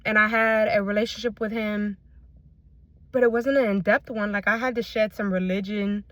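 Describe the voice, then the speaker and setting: A woman's voice: medium pitch, fairly even intonation, moderate pace, fairly bright tone, no echo. A woman giving a fervent personal faith testimony to her viewers, repeating phrases and calling them y'all, speaking into a phone she holds in her hand. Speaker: faith content creator. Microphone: phone held in hand.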